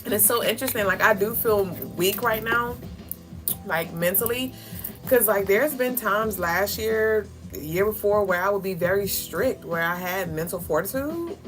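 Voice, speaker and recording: A woman's voice: mid-range voice, normal speed. A young woman co-hosting a spiritual livestream, talking candidly in slangy casual chat, swearing offhand, laughing often, and reading viewer comments aloud. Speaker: livestream co-host. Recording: music playing clearly behind.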